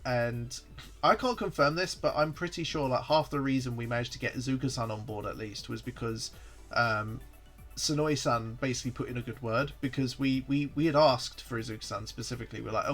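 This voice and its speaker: A man's voice: mid-range voice, a little fast, fairly bright tone, soft background music. A man hosting a livestream, telling a story in a casual, rambling way with lots of fillers and restarts. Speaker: site founder hosting a livestream.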